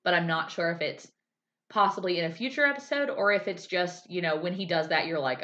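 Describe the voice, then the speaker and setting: Woman, podcast co-host, casual chat, lowish voice, animated, lo-fi audio. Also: fairly quick. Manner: animated storyteller, acts out quotes in a raised voice. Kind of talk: casual chat recapping a TV episode. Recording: slightly dull lo-fi sound.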